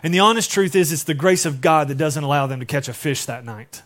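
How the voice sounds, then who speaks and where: A man in his forties preaching a sermon, telling the story in an animated way and acting out the people he quotes. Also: fairly high pitch, a little fast. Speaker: pastor.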